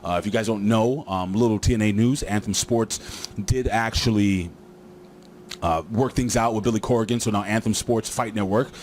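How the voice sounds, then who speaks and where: A man's voice: fairly low pitch, normal speed, a little mellow, a little hiss or hum. A man casually recapping a wrestling show, rambling with lots of fillers and joking asides.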